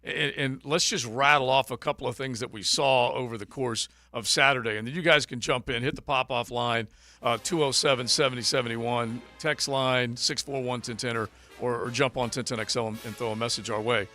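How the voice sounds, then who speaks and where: A man's voice: medium pitch, fairly even intonation, brisk, sharp tone, faint music behind. A man hosting a sports radio show, rambling through his betting losses with self-mocking humor. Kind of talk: casual sports radio banter. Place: radio studio. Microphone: studio microphone.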